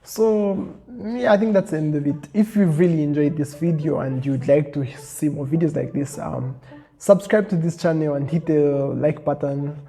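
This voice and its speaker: A man's voice: fairly high pitch, moderate pace, warm tone. A man in a casual storytelling vlog, retelling a story chattily with lots of fillers.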